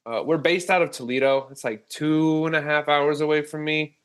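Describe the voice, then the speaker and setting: A man's voice: on the high side, moderate pace, clear, resonant tone. A young man from Ohio, a band member telling stories casually as a podcast guest, swearing freely. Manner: relaxed storyteller, swears casually. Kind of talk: casual chat.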